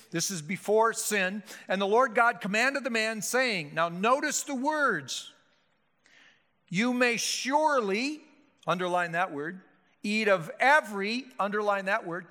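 A man's voice: high voice, pushed and bright. A male pastor preaching a sermon with emphatic, rhetorical delivery and frequent restarts. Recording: hall reverb.

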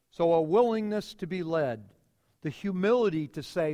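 A middle-aged male pastor preaching a sermon, emphatic, with dramatic pauses and repeated phrases. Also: high-pitched, a little mellow, big-room sound.

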